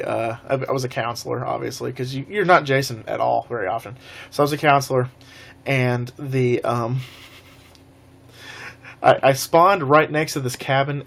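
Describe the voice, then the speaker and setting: A young man with a drawl talks loosely and fast on a live stream, with many restarts. He laughs often as he retells a game he played. His pitch sits in the middle. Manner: rambling, laughing storyteller. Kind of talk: casual live-stream chat.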